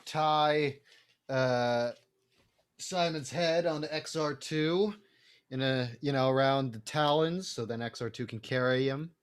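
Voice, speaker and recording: A man's voice: mid-range voice, a little slow, clean tone. A man playing a tabletop game, joking and hesitant as he weighs his options. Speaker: player.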